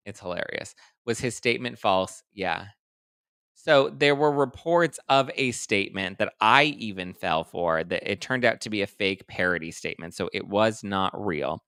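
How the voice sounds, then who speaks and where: A man's voice: fairly low pitch, moderate pace, fairly bright tone, clear, resonant tone, no echo, clean studio sound. A male host chatting casually through celebrity gossip and reading out viewer comments, in a sassy, playful way with dramatic mock outrage.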